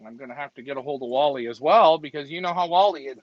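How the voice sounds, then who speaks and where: Bantering guy with a high bright voice, bit of lo-fi muffle. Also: quick pace, dry recording. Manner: bantering, self-mocking. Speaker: co-host of a live pigeon race stream. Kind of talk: casual live-stream chat. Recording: slightly dull lo-fi stream audio.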